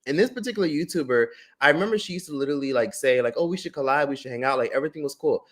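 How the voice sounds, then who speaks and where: A man's voice: on the high side, racing. Casual, profane man telling a story on stream. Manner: animated, profane storytelling with many "like" fillers. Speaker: streamer and drama commentator.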